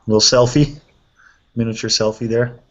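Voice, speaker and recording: A man hosting a casual chat, reviewing painted miniatures in a relaxed way and thinking aloud with fillers. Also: mid-range voice, moderate pace. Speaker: host. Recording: dull lo-fi sound.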